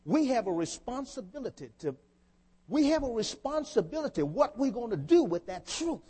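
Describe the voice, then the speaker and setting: A man's voice: very high-pitched, big pitch swings, normal speed, dark tone, husky. A man preaching a sermon to a congregation, often asking them questions to draw them in. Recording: long hall reverb.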